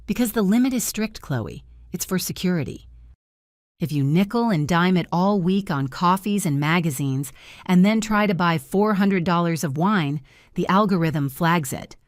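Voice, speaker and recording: A woman voicing a calm, condescending husband who lectures his wife. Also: lowish voice, moderate pace, dry recording, studio quality, close to an everyday voice. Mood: patronizing.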